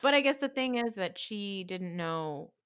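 A woman's voice: medium pitch, a little slow, clean tone, dry recording, clean studio sound. Chatty woman retelling a film plot. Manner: animated storytelling, acts out quotes, swears freely. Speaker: podcast co-host recapping a film. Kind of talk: casual chat.

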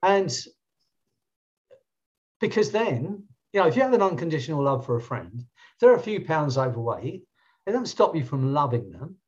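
English guy, bit high voice, rambling storyteller, kinda muffled lo-fi audio. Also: very animated, moderate pace, pauses often, darkish tone. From England. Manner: storytelling, chatty, many restarts. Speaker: coach and trainer. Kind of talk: casual podcast chat.

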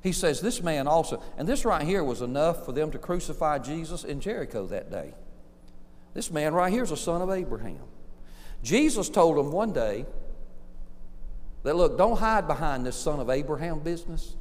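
A male pastor preaching a sermon, building to loud peaks and calling out for amens. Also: fairly high pitch, very animated, moderate pace. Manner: preaching with rising intensity, calls for amen. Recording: long reverb of a church hall.

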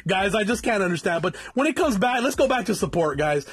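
High-pitched and very animated, this man talks a little fast with a slightly rough voice. He's a South Tucson, Arizona vlogger in his 40s, cursing constantly while bluntly lecturing viewers, whom he calls guys, in a motivational rant.

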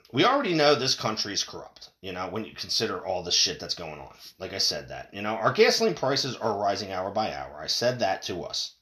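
A man giving a heated, profane solo commentary, jumping between loud bursts and low mutters.

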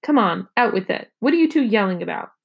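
A woman's voice: medium pitch, lively intonation, fast talker, vocal fry, slightly rough, muffled recording. Woman reading as a tired, worried mother.

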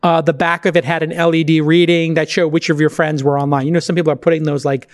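A man hosting a podcast, talking in an energetic, emphatic way with sudden jumps in pitch, reading an ad and chatting casually. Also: fast, dry recording, clean studio sound. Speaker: podcast host. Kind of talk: casual podcast chat and host-read ad.

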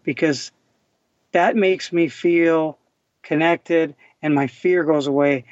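A man's voice: fairly high pitch, no echo. Man telling a raw recovery story. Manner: raw, halting, emotional storytelling with many restarts. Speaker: podcast guest. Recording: dry, dull lo-fi audio.

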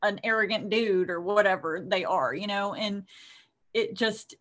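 A woman's voice: mid-range voice, moderate pace, a bit bright. A middle-aged woman co-hosting an author podcast, chatting casually and rambling with lots of fillers. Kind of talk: casual chat.

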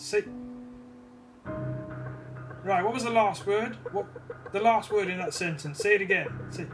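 A man with a fairly high voice delivers a deadpan, mock-serious comic monologue into his phone's microphone. He gets flustered and stammers whenever he is interrupted. Music plays clearly under him. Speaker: podcast host.

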